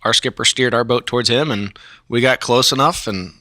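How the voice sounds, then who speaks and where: A man's voice: medium pitch, moderate pace, sharp tone, dry recording, studio quality. A man guest on a podcast, telling a story casually with many fillers and chuckles.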